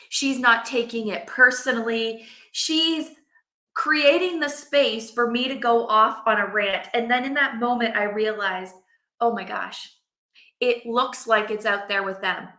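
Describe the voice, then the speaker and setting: A middle-aged woman telling a personal story to camera, animated and acting out her own quotes. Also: on the high side, roomy sound. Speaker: vlogger, mother.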